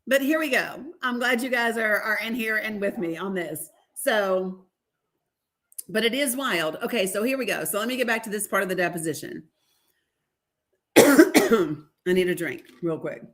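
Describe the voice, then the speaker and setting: Reading a deposition aloud on her casual livestream, this woman reacts with laughter, frank swearing and asides addressed to "y'all." Her voice is mid-range, her speed normal, and she leaves long pauses while staying animated.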